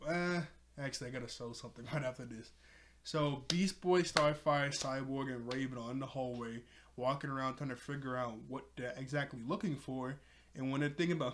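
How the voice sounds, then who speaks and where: A man's voice: medium pitch, steady tone, a little fast, a bit bright. A young man casually recapping a cartoon episode, rambling with fillers and self-corrections, laughing often. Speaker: video reviewer.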